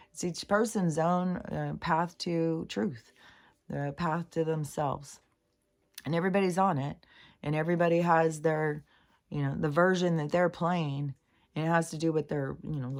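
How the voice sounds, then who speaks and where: Low gravelly woman rambling earnestly. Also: fairly even intonation, unhurried, darkish tone. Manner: meandering, earnest, swears casually, frequent fillers. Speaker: spiritual vlogger. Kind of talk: rambling spiritual monologue.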